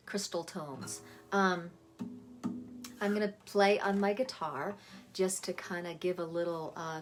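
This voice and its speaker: A woman coaching on channeling sound, talking casually in a gentle, dreamy way, slowing down and stretching words for emphasis, with many fillers and restarts. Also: medium pitch. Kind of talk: casual teaching monologue.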